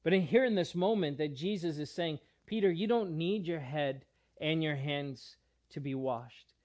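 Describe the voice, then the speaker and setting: A male pastor delivers a sermon in a slightly high voice. He explains in an earnest way and often restarts his phrases. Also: measured pace, a little mellow.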